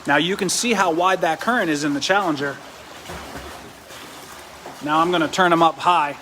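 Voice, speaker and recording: A man's voice: a little high, moderate pace, sharp tone, slight background noise. A man hosting a live product demo beside a swim spa, chatty, explaining as he goes with restarts. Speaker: host and triathlon coach.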